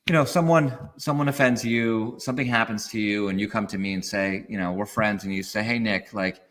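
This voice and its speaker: A man guest on a podcast interview, explaining in an animated way and acting out quoted feelings. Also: on the low side, a little fast. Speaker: guest expert.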